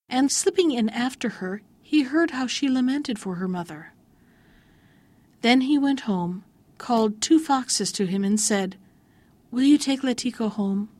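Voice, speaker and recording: A woman reads a fairy tale aloud in a calm, measured way. Her voice sits high, and the recording is dry and close. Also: dry recording. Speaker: storyteller.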